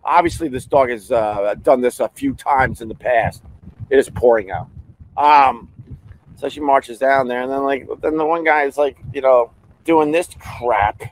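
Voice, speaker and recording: A man hosting a podcast, telling a story casually at a middle pitch. He repeats himself and restarts often. His voice jumps high whenever he acts out what others said. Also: measured pace, rough recording. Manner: animated, acts out quotes with big pitch jumps. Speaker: podcast host.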